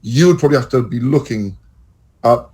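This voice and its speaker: English man, podcast co-host, casual sweary chat, rambling, mid pitch. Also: a little fast, slightly rough. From England. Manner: swearing, rambling, animated storytelling.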